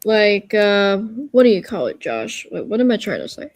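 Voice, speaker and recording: A woman's voice: medium pitch, big pitch swings, moderate pace, no room sound. A woman on a casual livestream giving an earnest, reassuring pep talk, rambling and searching for her words as she goes.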